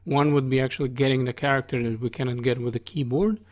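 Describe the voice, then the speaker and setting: A man's voice: medium pitch, fairly even intonation, fast talker, darkish tone. A man teaching coding over a screen recording, talking casually and asking "right?" after nearly every phrase. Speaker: coding instructor. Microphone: studio desk microphone.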